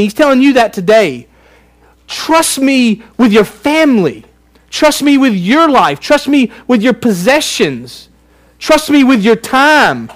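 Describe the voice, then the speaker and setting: Male pastor, high voice, earnest repetitive preaching. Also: expressive, a little slow. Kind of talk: sermon.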